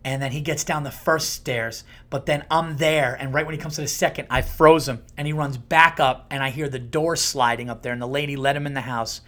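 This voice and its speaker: A man in his thirties or forties hosting a podcast, telling a story in a casual, profane, animated way and acting out quotes with sudden jumps in pitch and loudness. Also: brisk, few pauses. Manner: profane and conversational. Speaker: podcast host.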